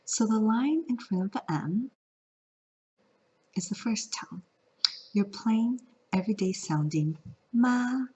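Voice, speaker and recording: A woman's voice: on the low side, darkish tone, husky. A woman from California teaching a vlog lesson, playful and singing out the example tones. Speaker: Mandarin teacher. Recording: lo-fi audio.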